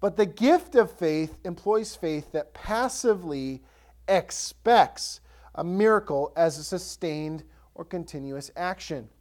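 A man's voice: fairly high pitch, takes it slowly. A male pastor preaching a sermon, telling stories and acting out the voices of the people in them. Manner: animated storytelling, acts out voices.

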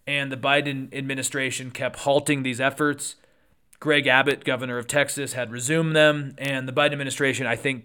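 A man hosting a solo political podcast, talking through the news conversationally with quick asides and self-corrections. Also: medium pitch, a bit bright, clear, resonant tone.

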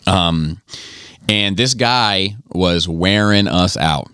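A man's voice: low-pitched, drawn-out words, pushed and bright, clean tone, dry recording, clean studio sound. A man co-hosting a podcast, telling stories in casual, profane chat and often repeating himself. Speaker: podcast co-host.

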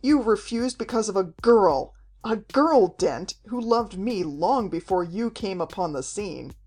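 A woman's voice: medium pitch, animated, normal speed, lightly acted. A woman reading aloud, voicing a mocking, desperate male villain in an audiobook. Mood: snarling. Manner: snarling, mocking.

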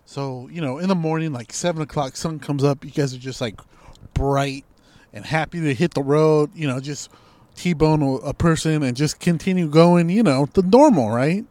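A young man talking in a casual podcast chat, swearing freely as he rants and mocks. His voice sits a bit high for a man, and the sound is close and dry with no room echo. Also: moderate pace, warm tone. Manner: profane, ranting, mocking. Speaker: podcast co-host.

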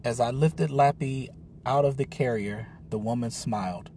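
A man narrating a children's story in a calm, unhurried audiobook reading. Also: medium pitch, a little hiss or hum.

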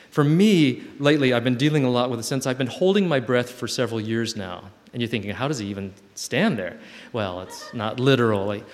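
A man at mid pitch speaks to a gathered group in a gentle, reflective manner, slipping in playful asides. He reads heartfelt old letters aloud. The voice carries a long hall reverb from a live recording. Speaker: camp speaker. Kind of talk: reflective spiritual talk to a group.

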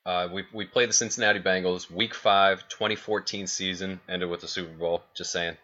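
A man's voice: low voice, steady tone, normal speed, bright, forceful tone. A man co-hosting a sports podcast in casual, opinionated chat, running through team stats. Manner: chatty, opinionated, rattles off stats. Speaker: podcast co-host. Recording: dull lo-fi podcast audio.

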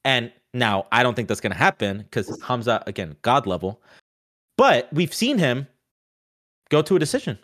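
A man talking fast and loose in a casual sports chat, restarting his sentences and leaning on "like" as a filler. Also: mid-range voice. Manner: animated, restarts often, many "like" fillers.

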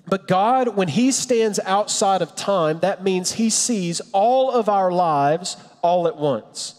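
A man preaching a sermon in an earnest, reflective way, with a storyteller's pauses. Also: sits high. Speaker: pastor. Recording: long reverb.

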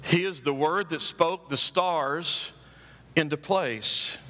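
Preaching man in a long-reverb hall. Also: on the high side. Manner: emphatic preaching, rising to loud climaxes; acts out story voices with drawn-out phrases. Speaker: pastor. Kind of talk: sermon.

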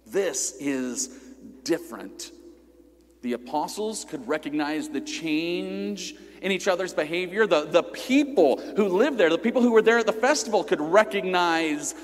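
A man preaching a sermon in a lively, conversational way, asking listeners questions as he teaches. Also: high-pitched, a little slow. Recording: long hall reverb.

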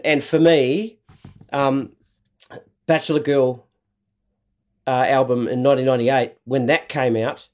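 A man hosting a casual podcast chat. He is excitable and restarts his words often. The sound comes from a lower-quality backup recording. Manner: chatty, excitable, repeats words while thinking. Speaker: podcast host.

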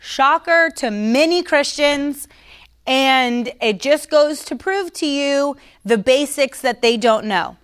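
A woman with a fairly high voice gives an informal faith teaching straight to her followers. She talks in a relaxed, conversational way, stresses her points hard, and slips into mockery now and then. She stops for sips of coffee between thoughts. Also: slow. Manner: conversational, mocking, emphatic; sips coffee while talking. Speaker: Christian teacher. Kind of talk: casual livestream teaching.

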